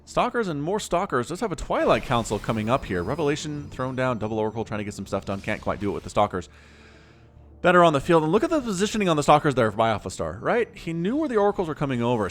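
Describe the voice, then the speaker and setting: A man giving lively solo play-by-play commentary on a strategy game match, quick and playful, with laughs and sound effects. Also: medium pitch, slight background noise. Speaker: game caster.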